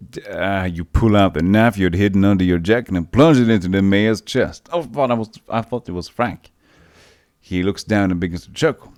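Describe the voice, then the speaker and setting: Deep-voiced man playfully reading a text game. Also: normal speed, darkish tone, dry recording. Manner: playful, theatrical reading with jokey asides. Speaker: streamer playing a text adventure.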